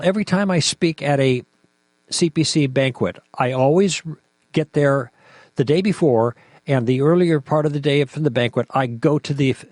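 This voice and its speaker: A man's voice: mid-range voice, no echo, clean studio sound. A man hosting an apologetics discussion, talking in an impassioned, emphatic way and firing off rhetorical questions. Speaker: podcast host.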